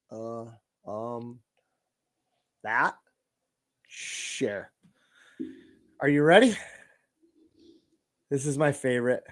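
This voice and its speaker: A man's voice: medium pitch, no room sound. A man co-hosting a casual podcast, loose and profane with plenty of fillers. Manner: loose, swearing, hesitant fillers. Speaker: podcast co-host.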